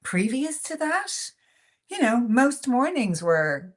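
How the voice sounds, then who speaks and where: In a candid conversational interview, a podcast guest with an Irish accent talks frankly, her speech full of "like" and "you know" fillers. Her pitch is fairly high, and she's very animated though slow-paced.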